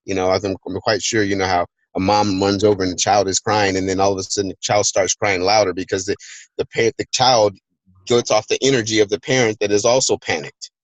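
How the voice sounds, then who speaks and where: A man's voice: on the low side, fairly quick, no echo, poor audio. A man hosting a team call, talking casually and energetically, telling stories and urging listeners on. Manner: energetic, storytelling, plays out voices in quotes. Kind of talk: casual motivational talk. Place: hot place, remote recording.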